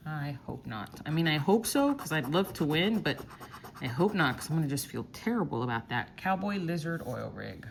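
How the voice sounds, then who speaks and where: A woman hosting a casual vlog, reading out scratch-off symbols slowly one by one. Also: deep voice, very animated, vocal fry, slight background noise. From Texas. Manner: slow, reads out symbols one by one while scratching. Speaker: lottery scratch-off vlogger.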